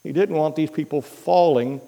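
A man preaching a sermon as pastor, telling a story in an unhurried, earnest way. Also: a little high, vocal fry, mellow.

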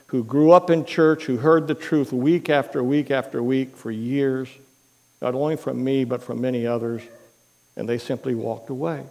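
A man preaching a sermon as pastor, telling a story in an unhurried, earnest way. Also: mid-range voice, vocal fry, darkish tone.

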